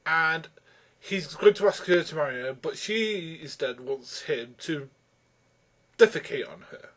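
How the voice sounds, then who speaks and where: A man's voice: a little high, lively intonation, unhurried, a bit bright. A man ranting through a film review, exasperated and rambling with many restarts.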